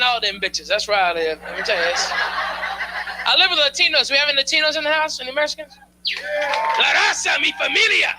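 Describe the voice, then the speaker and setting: A male stand-up comedian riffing on a club stage, loose and slangy, teasing the crowd. His voice sits high and very bright through the handheld mic, with a faint noise underneath. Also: low-quality recording.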